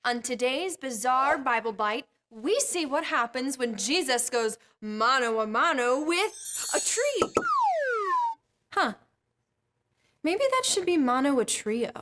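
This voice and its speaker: A woman's voice: high voice, animated, takes it slowly, background noise. A woman hosting a kids Bible lesson, chatty and jokey. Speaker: host.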